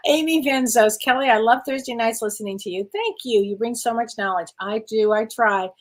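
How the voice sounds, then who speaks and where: A woman's voice: on the high side, rough recording. An older woman, a spiritual medium, chatting casually as she reads viewer questions aloud and answers them, laughing often. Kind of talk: live Q&A, reading viewer comments.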